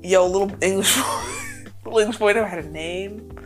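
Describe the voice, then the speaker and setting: A woman's voice: mid-range voice, normal speed, soft background music. A woman co-hosting a podcast, playful and giggly in casual chat. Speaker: podcast co-host.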